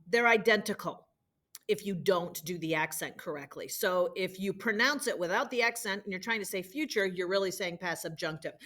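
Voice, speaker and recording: A woman's voice: mid-range voice, fairly bright tone. Woman teacher explaining step by step. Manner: patient, explains step by step and repeats drills. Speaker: Spanish teacher. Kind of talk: recorded classroom lesson.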